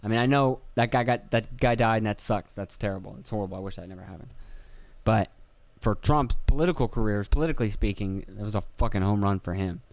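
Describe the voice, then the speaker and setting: A man's voice: on the low side, fast, no room sound. A young man hosting a podcast, rambling in a casual monologue, swearing freely and jokingly acting out other people's voices. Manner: swearing, jokey, acts out quoted voices. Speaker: podcast host.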